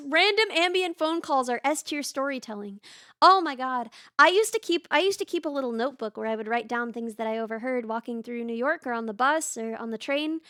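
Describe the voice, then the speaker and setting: A young woman chats casually to her stream, rambling, restarting sentences and laughing as she goes. Her voice sits high and bright. The close mic sounds dry, with no room around it. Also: expressive, brisk, clear, resonant tone, no echo. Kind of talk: casual chat reading live chat.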